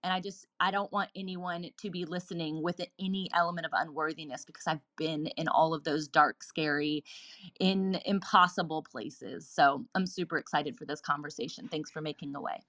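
Female guest, low-ish pitch, bright tone, excited and upbeat. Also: normal speed. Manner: enthusiastic, upbeat. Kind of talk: livestream interview.

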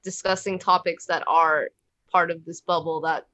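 Young woman, podcast co-host, bright voice, rambling and casual. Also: lowish voice, steady tone, moderate pace, dry recording. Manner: rambling, restarts often, says "like". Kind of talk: casual chat.

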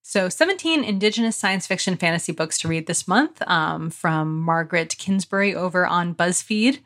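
A woman co-hosting a podcast in casual chat, talkative and quick to laugh. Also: lowish voice, lively intonation, a bit bright. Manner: chatty, laughing, quick asides. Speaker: podcast co-host.

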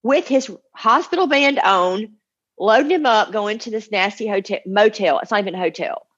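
A woman's voice: mid-range voice, moderate pace, fairly bright tone, breathy edge. A woman in her forties, a mother, telling an emotional personal testimony in an earnest, tumbling way, acting out the voices she quotes. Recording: dull lo-fi recording.

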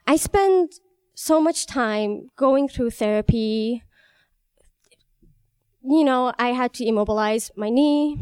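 High, clear-voiced young woman. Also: darkish tone, dry recording. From Iran. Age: young adult. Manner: candid, wry, laughs between lines. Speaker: storyteller. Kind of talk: personal storytelling on stage.

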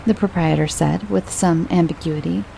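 A woman narrating a short story in a measured, even storybook reading. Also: fairly low pitch, creaky, slight background noise, poor audio.

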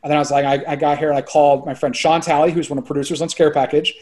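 A filmmaker of around forty chats as a guest on a podcast, excitable and rambling, using "like" constantly and swearing casually. His voice is fairly high-pitched and his delivery rapid-fire.

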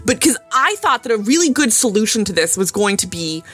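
A woman's voice: mid-range voice, sing-song, a little fast, fairly bright tone, faint music behind. A woman co-hosting a casual podcast, talking in rambling, self-aware tangents. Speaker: podcast guest co-host.

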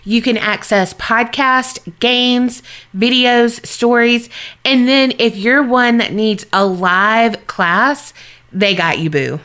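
A woman's voice: a little high, takes it slowly, bright, forceful tone, clean tone. A woman co-hosting a podcast, chatting and telling a story, laughing easily. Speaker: podcast co-host. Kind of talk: casual chat and storytelling.

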